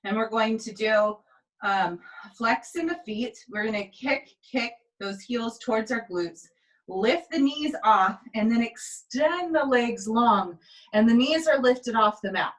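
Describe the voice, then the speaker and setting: Woman pilates instructor, tired, calm counted cues, slow, a bit high, set back from the mic. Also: far from the mic, rough recording. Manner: calm step-by-step cueing with counts. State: tired, yawning. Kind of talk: guided exercise instruction. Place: indoor exercise space.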